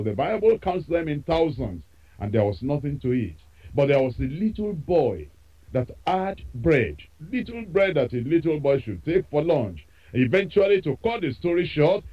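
A man's voice: on the high side, lo-fi sound. A man preaching a sermon with an emphatic, repetitive cadence.

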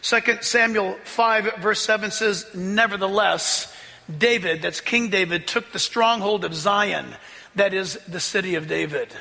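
A man preaching a sermon as a pastor, excitable, often laughing and rising to shouts as he reads scripture. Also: high voice, unhurried, gravelly, long reverb tail.

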